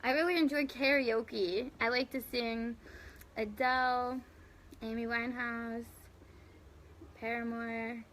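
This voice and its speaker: A bubbly young woman chats on a live stream, her voice sitting a little high. She rambles through her answers with fillers and giggles, thanking viewers warmly by name. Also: steady tone, slow pace, long pauses, slight background noise. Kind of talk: casual live chat reading viewer comments.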